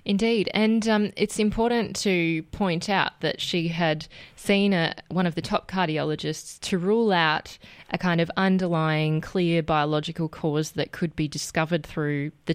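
Smooth-voiced woman radio host. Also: deep voice, no room sound. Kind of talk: radio interview. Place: radio studio.

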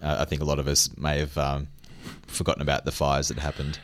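A man, a restaurateur guest in a radio studio interview, speaking haltingly with many fillers. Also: very deep voice, completely flat delivery.

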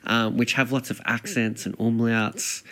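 A man's voice: medium pitch, steady tone, a little slow, a bit bright. A man co-hosting a casual chat, asking tentative questions while thinking aloud.

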